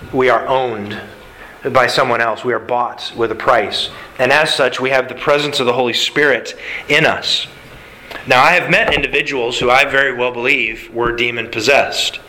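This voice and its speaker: A man's voice: mid-range voice, pushed and bright, a little hiss or hum, rough recording. A man preaching a sermon in a conversational way, with fillers and asides. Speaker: pastor.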